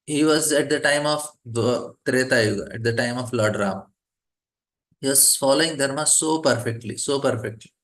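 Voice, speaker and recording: A man's voice: mid-range voice, moderate pace, fairly bright tone. A man teaching a devotional scripture class in a loose, conversational way, often laughing and using fillers.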